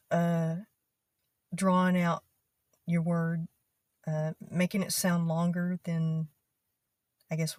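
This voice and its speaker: A woman with a lower Panhandle West Texas accent who speaks slowly, drawing her words out with a twang, giving a casual explainer to camera. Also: darkish tone, dry recording, studio quality. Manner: slow drawl, draws her words out with a twang. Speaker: vlogger.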